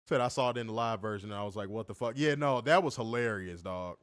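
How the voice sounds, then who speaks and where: A man co-hosting a casual wrestling review, profane and animated, reading viewer comments aloud. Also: lowish voice, clean tone, no echo, clean studio sound. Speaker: podcast co-host.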